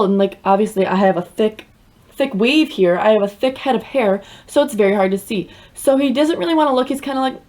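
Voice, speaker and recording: A woman's voice: mid-range voice, a little fast. Young woman, casual storytime vlogger, dramatic and chatty, mid-range voice. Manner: dramatic, animated storytelling with many fillers. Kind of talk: storytime vlog.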